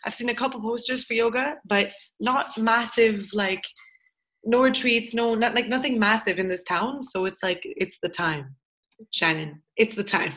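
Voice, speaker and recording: A woman from Montreal chats as a guest on a podcast. Her voice sits a little high, and she rambles, fills her talk with "like" and breaks into laughter often. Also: moderate pace, fairly bright tone. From Montreal, Canada. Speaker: podcast guest, yoga teacher. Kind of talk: casual interview chat.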